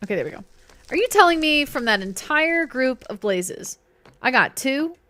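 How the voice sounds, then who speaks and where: Playful chatty woman streamer, lively pitch. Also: normal speed, a little hiss or hum. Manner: playful, chatty, talks to herself and to chat. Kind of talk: casual live-stream chat while gaming.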